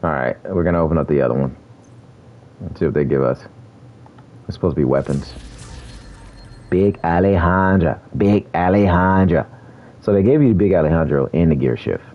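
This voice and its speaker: A man's voice: rumbling low, animated, fast talker, long pauses, dull audio. A man giving laid-back, chatty commentary on a video game, laughing often and using slang. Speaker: gaming streamer. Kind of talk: casual gameplay commentary.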